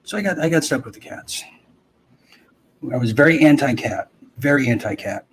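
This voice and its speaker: A man's voice: medium pitch, expressive, normal speed, a little hiss or hum. A man in his thirties hosting, telling a personal story in a rambling way with many restarts and asides. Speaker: host. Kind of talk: casual storytelling.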